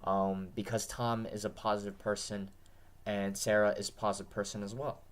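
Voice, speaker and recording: Man, lowish voice, tired, dry throat, rambling, repeats himself. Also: little pitch movement, moderate pace. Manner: repetitive, earnest, restarts often. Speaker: vlogger. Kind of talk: casual rambling monologue.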